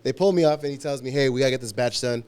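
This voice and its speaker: A man's voice: medium pitch, rapid-fire. A man telling workplace stories on a podcast, swearing freely and acting out the dialogue. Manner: profane, animated anecdotes with quoted dialogue; frequent laughter and restarts. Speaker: podcast guest, union warehouse worker. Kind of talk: casual storytelling chat.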